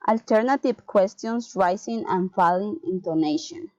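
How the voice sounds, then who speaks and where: A woman reading English pronunciation and intonation drills aloud, word by word, in a slow, careful manner. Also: mid-range voice, a little mellow. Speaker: student. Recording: dull lo-fi sound.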